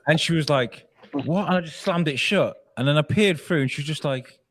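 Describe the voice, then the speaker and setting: A man co-hosts a live charity podcast, chatting casually and telling animated stories while laughing often. His voice is fairly high and brisk, with no room sound in the recording.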